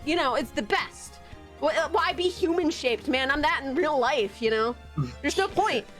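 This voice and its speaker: High, lively woman ranting and laughing. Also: moderate pace, soft background music. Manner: ranting, profane, laughing often. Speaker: streamer, host of the live dub. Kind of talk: casual chat.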